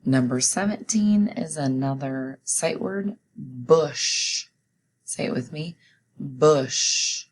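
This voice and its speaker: A woman teacher giving a recorded spelling test, reading each word slowly and deliberately and pronouncing it clearly. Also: deep voice, expressive, darkish tone, rough recording. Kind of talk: recorded classroom spelling dictation.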